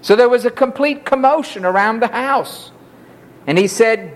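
Guy preaching a bible passage, pretty high voice, acts out the lines. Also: moderate pace. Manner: expressive storytelling, acts out quotes. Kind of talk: expository sermon.

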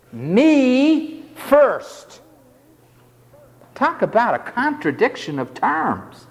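A man's voice: sits high, big-room sound. A man preaching a sermon in an emphatic, dramatic way, acting out the voices he quotes.

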